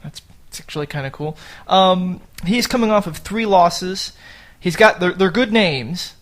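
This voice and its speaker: A man with a fairly high speaking voice hosts a relaxed podcast chat. He jokes around and swears now and then. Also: unhurried. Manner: chatty, jokey, swears casually. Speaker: podcast host. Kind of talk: casual chat.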